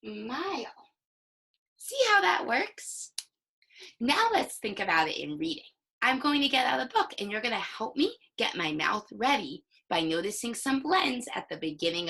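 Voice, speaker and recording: A young woman teaching a recorded reading lesson to young children, slowly sounding out the starts of words. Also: medium pitch, husky, rough recording. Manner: slow, animated, sounds out words.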